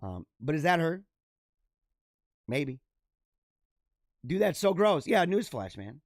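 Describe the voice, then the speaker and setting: Very animated yet taking his time, a podcast host with a slightly high voice reads unusual news stories to his viewers in a dry, studio-quality recording. He riffs on each one casually, laughing a great deal.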